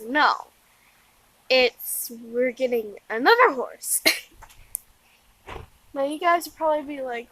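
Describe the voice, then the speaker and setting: A woman's voice: high-pitched, slow, pauses often, fairly bright tone, dry recording, rough recording. A tired young woman giving a rambling, casual vlog update outdoors in the wind, full of fillers and restarts. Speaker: vlogger.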